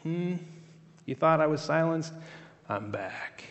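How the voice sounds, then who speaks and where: A cocky, jubilant risen man teasing his old foes, as a preacher puts him on. The playful voice sits slightly high and rings through a large hall with long reverb. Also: expressive, slow, dull audio. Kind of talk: sermon.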